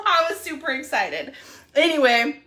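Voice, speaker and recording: A bright, high-pitched young woman talks in a casual live video chat. She gushes and rambles, with plenty of fillers between her thoughts. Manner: excitable, gushing, rambling with fillers. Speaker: wellness app promoter.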